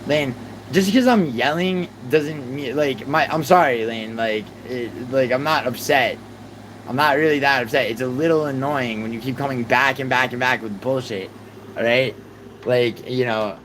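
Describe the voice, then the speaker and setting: A young man hosting a livestream, arguing heatedly with his chat, exasperated and swearing in rapid outbursts. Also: mid-range voice, fairly bright tone, a little hiss or hum, poor audio. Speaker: livestream host.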